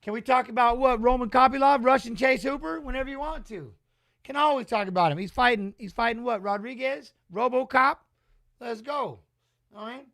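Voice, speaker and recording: A man with a notably high, bright voice hosts a live watch-along stream. He talks in an excitable, slangy, joking way and reacts to the action and to chat. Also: moderate pace, creaky. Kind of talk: casual live-stream fight commentary.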